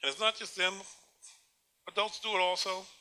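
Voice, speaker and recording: A male preacher mid-sermon speaks in a high, piercingly bright voice with a steady tone and moderate pace. He repeatedly poses rhetorical questions to his listeners, stumbles over repeated words, and often gives a short chuckle at his own points.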